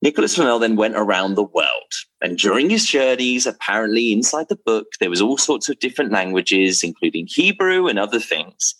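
A man telling a story to camera about his drinks brand, rambling and excitable, with many restarts and fillers. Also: fairly low pitch, a little fast.

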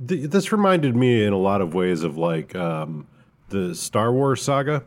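A man's voice: fairly low pitch, very animated, unhurried. A man co-hosting a casual podcast review of a tabletop game book, talking in a rambling, hesitant way with lots of fillers. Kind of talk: casual chat.

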